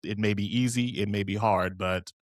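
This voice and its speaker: A man's voice: fairly low pitch, steady tone, moderate pace, dry recording, clean studio sound. A young man co-hosting a podcast, chatting casually with joking, rambling asides. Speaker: podcast co-host. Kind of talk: casual chat.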